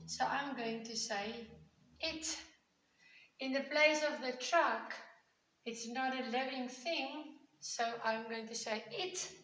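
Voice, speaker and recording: A woman with a fairly high, fairly bright voice teaches grammar to young children, patiently repeating examples like a primary school teacher. It's a recorded lesson, and the low-quality audio carries an echoey room sound.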